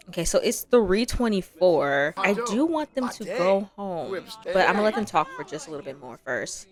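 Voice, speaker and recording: A young woman narrating her gameplay in a chatty, playful way, laughing often. Her voice swings widely in pitch and sits in an ordinary middle range. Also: lively intonation, moderate pace. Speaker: gaming vlogger. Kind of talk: casual gameplay commentary.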